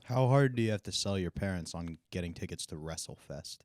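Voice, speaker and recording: Man, very low voice with lively swings, deadpan co-host, dry sound. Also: a little fast, no echo. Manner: deadpan one-liners. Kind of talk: casual comedic banter.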